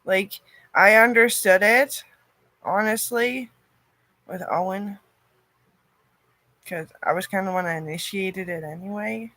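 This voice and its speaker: A woman in a rambling personal monologue, cursing often, her loudness swinging from loud outbursts to near-murmurs. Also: medium pitch, measured pace, pauses often, no echo.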